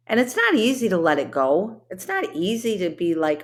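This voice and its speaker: A woman hosting a solo motivational podcast speaks at a moderate pace in a mid-range voice marked by huge pitch swings. Her delivery is earnest, heartfelt and chatty, loaded with fillers, and she's briefly emotional.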